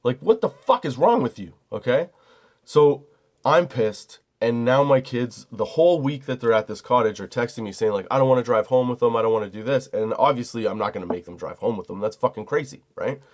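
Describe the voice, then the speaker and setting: A man's voice: medium pitch, lively intonation, fairly quick, a little mellow. A middle-aged man hosting a comedy podcast, telling a heated, profane story as a single dad. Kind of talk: storytelling monologue.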